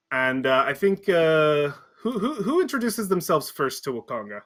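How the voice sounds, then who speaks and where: A man's voice: on the high side, sing-song, normal speed, hardly any pauses, a bit bright. A man narrating as game master, describing scenes with frequent fillers and self-corrections.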